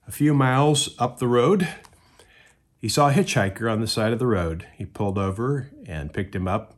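A pastor delivers a sermon in an expressive mid-range voice at normal speed. He tells a story and acts out the voices of its characters.

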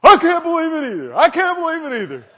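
An animated giant of a guy, yelping high and loud, squeaky and breathless, dull lo-fi sound. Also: fast, heavily acted. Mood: dismayed. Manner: breathless repeated exclamations. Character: frantic, excitable grown man, big and tall. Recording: dull lo-fi recording.

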